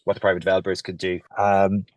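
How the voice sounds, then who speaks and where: A man from Ireland talks through his views as a guest over a remote call, halting and restarting as he thinks. His voice sits low and sounds dry and close, with no room around it. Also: monotone, dry recording. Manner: thinking aloud, many restarts and fillers. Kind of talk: casual podcast interview. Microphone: remote call audio.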